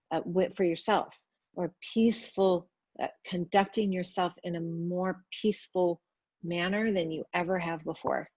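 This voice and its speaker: A woman giving a loose, chatty spiritual talk to viewers, with many fillers, trying to speak gently. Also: lowish voice, slightly rough, no room sound, dull audio. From Italian family background.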